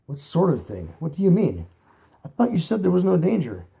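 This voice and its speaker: A man gives voice to a steady young rabbit looking after a panicked friend. He speaks firmly and urgently, somewhat raised in pitch and volume, over a mellow base tone. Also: normal speed, vocal fry. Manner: firm, reassuring, urgent.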